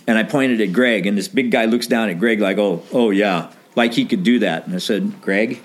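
Man telling a lively band anecdote. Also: lowish voice, moderate pace. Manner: animated anecdote with quoted dialogue, laughs often. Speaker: guest telling a story. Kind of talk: casual storytelling.

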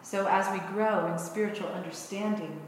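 A woman minister preaching a sermon, telling a story and teaching in an unhurried way. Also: mid-range voice, a little hiss or hum. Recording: echoey hall.

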